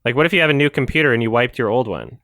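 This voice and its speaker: A man's voice: medium pitch, expressive, rapid-fire, fairly bright tone, no echo, studio quality. A man hosting a podcast in casual chat, rambling and swearing, often correcting himself mid-sentence. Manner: rambling, profane, self-correcting. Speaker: podcast host.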